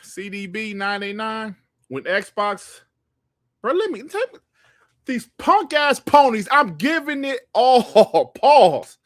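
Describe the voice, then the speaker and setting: A man hosting a gaming podcast livestream, ranting in a heated, profane and animated way. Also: high voice, slow pace, dry recording, studio quality. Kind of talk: livestream commentary rant.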